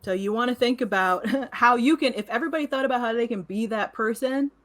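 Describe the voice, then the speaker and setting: A woman's voice: on the high side, fairly quick, a bit bright. A woman co-hosting a casual podcast chat, talking in an earnest, reflective way and laughing between points. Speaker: podcast co-host.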